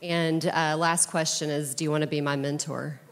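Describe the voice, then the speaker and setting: A woman's voice: sits low, level tone, moderate pace. A woman in the audience of a live event asks a question in a friendly, slightly hesitant way. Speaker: audience member asking a question. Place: event hall. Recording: distant voice in a reverberant hall.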